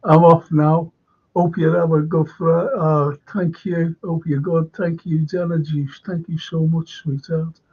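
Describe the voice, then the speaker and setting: A man's voice: fairly high pitch, little pitch movement, a little slow, husky, narrow, tinny audio. A man hosting a live stream, chatting and reading viewers' comments aloud with frequent laughs. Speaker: host.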